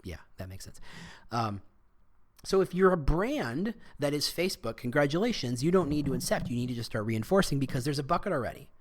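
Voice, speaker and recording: A man's voice: mid-range voice, big pitch swings, fairly quick. A man hosting a solo podcast, talking casually with frequent restarts and asides. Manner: rambling, self-interrupting, frequent restarts. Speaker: podcast host.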